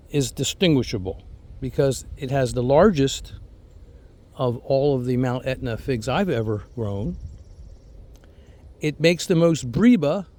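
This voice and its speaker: A man with a mellow, relaxed tone walks through a garden, chatting in a casual vlog style. He is enthusiastic and rambling, repeating words as he moves from one plant to the next. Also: a little high. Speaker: fig grower and channel host. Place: outdoors in a garden.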